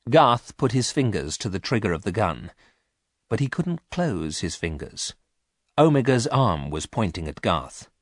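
A man narrating a storybook in a clear, expressive reading. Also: on the low side, a little slow, no echo, clean studio sound.

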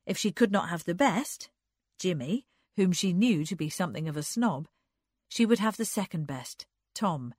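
A woman narrating a literary story in a measured storytelling manner. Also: lowish voice, animated, a little mellow, husky, no room sound, clean studio sound. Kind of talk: audiobook narration.

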